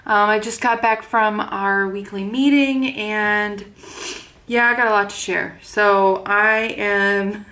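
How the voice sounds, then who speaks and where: A woman's voice: mid-range voice, fairly even intonation, slow, sharp tone. A tired young woman vlogging casually to her camera, frankly venting her frustrations and repeating herself. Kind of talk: casual vlog.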